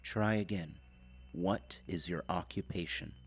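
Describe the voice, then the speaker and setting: A man's voice: deep voice, unhurried, breathy edge. A man voicing a cold, precise disembodied voice. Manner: flat, precise, oddly without qualities. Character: cold disembodied machine voice, clinical and controlling.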